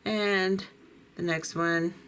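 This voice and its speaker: A woman with a slightly low voice talks a viewer through a beading project step by step. She is middle-aged or older and speaks in a patient, practical way while her hands stay busy with the work. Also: steady tone, drawn-out words, a bit bright, a little hiss or hum. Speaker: beading tutorial host. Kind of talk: step-by-step craft instruction.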